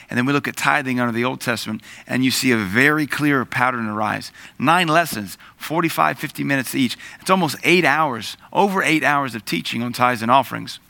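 A middle-aged man teaching the Bible in an animated sermon, acting out voices in the story. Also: mid-range voice, a little fast, vocal fry, few pauses, no room sound.

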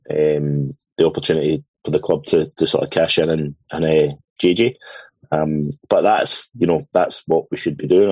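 A man's voice: sits low, a little mellow, breathy edge, no room sound, poor audio. A Scottish man chatting casually as a podcast panelist, dry and joking. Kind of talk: casual chat.

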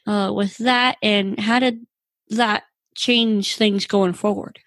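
A woman hosting an interview, asking her guest questions in a gentle, hesitant way. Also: medium pitch, steady tone, slow, dry recording. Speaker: interview host.

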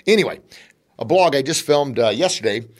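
A middle-aged man hosting a motivational podcast, talking in an animated, chatty way and laughing between points. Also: medium pitch, fairly quick. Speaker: podcast host.

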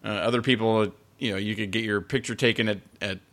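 A man hosting a podcast, speaking in a relaxed, halting way with many pauses and fillers. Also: fairly low pitch. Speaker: podcast host. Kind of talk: casual chat.

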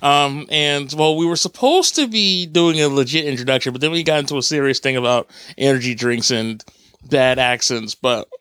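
A man's voice: medium pitch, moderate pace, fairly bright tone, clean tone, no room sound. A man hosting a casual podcast, loose and rambling, often laughing at himself. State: sleepy, just woke up. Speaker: podcast host.

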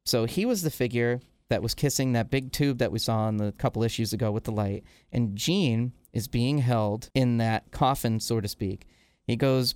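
A man's voice: medium pitch, moderate pace, darkish tone, smooth, dry recording. A man casually retelling a comic book storyline with loose fillers, quoting the characters in his own voice. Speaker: podcast host.

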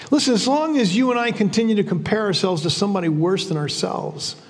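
A man's voice: high-pitched, fast, big-room sound. A man preaching a sermon as pastor, in a conversational style with frequent repeats and restarts.

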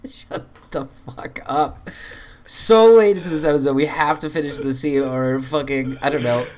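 A man co-hosting a comedy podcast, quick and jokey, swearing casually as he tells the story. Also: on the high side. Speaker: podcast co-host. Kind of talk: improvised comedy podcast banter.

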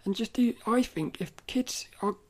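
A woman's voice: a little high, husky. A woman hosting a casual solo podcast, chatting playfully with many restarts and sometimes reading aloud from a children's book. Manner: chatty and playful, with frequent self-corrections; reads quoted passages louder and slower. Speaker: podcast host.

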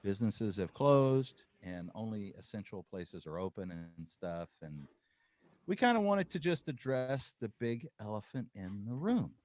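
A man's voice: fairly low pitch, sing-song, measured pace, a little mellow. A man hosting a podcast in casual chat, rambling and joking with lots of fillers. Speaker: podcast host.

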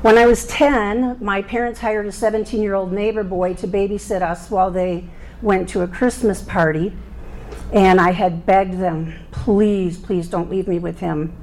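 A woman's voice: mid-range voice, steady tone, a little slow, darkish tone, poor audio. A middle-aged woman giving her personal faith testimony, speaking earnestly and plainly, leading a prayer and telling her life story.

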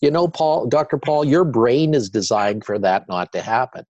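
An older man, a guest on an interview show, telling his story with animated repetition. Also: medium pitch, moderate pace, dry recording, muffled recording.

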